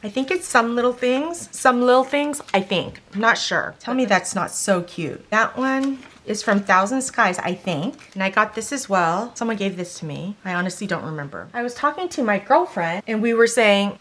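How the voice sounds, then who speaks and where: A woman's voice: mid-range voice, normal speed. Chatty middle-aged woman showing a haul. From Korean. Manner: chatty, emotional, excitable. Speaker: stationery vlogger. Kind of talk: casual show-and-tell haul.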